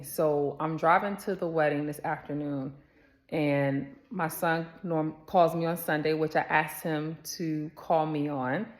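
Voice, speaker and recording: A woman with a low-sitting voice chats casually to camera, telling a story. She calls her viewers y'all and acts out the voices of the people in it.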